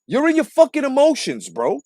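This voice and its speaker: A man's voice: very high-pitched, wildly swooping pitch, brisk, a little mellow, no room sound, studio quality. A man hosting a boxing commentary stream, ranting in a combative, profane way and repeating himself for emphasis. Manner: combative, repetitive, swearing heavily. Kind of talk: profane live-stream rant.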